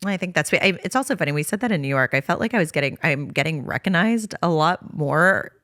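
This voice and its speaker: A woman's voice: low-pitched, expressive, fast, a bit bright, dry recording, clean studio sound. A young woman co-hosting a podcast in casual chat, rambling with lots of "like" and "you know". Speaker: podcast co-host.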